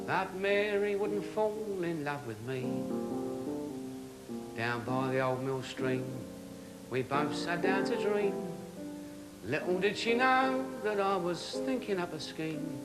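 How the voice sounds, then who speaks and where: A man's voice: high voice, takes it slowly. A man impersonating a brash, cheeky old music-hall comedian, trading patter and singing snatches of songs.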